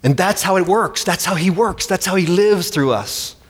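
A man's voice: sits high, moderate pace, breathy edge. A man preaching a sermon with emphatic delivery, acting out the voices he quotes. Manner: emphatic, dramatic quoting. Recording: long reverb hall.

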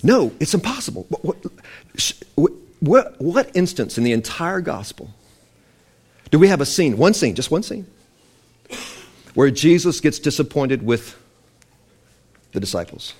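Animated man preaching with a lively voice. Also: a little high, unhurried, pauses often, husky. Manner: animated, emphatic, quoting scripture with rising and falling voice. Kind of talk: sermon-style teaching.

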